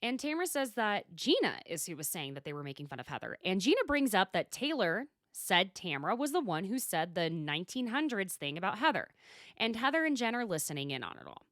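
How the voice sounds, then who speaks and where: A woman's voice: mid-range voice, sing-song, fairly bright tone. A woman hosts her podcast alone in a loose, gossipy chat, peppering it with curse words and side remarks. Her voice swings up and down with lots of life, and the sound is dry and close with no room echo. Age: adult, mother. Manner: chatty, swears freely, quick asides. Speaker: podcast host. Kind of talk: casual solo recap chat.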